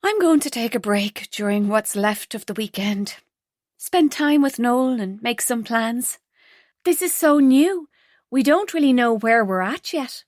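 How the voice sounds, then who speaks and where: A woman narrator voicing an eager young woman in love who speaks in a bright, raised and breathless way. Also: fairly high pitch, expressive, unhurried, no room sound, studio quality, voice pushed up. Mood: excited.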